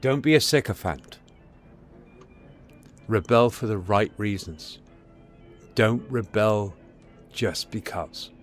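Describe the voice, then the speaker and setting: A man's voice: on the low side, slow, pauses often, faint music behind. A man streaming live, telling a rambling, profane story and lecturing his chat, repeating himself for emphasis. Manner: storytelling, preachy.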